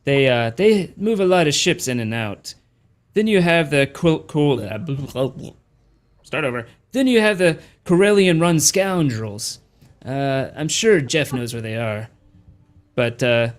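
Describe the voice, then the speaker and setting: A man voicing a small, polite male alien guide who speaks slowly and deliberately. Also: medium pitch, expressive, close to an everyday voice. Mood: helpful.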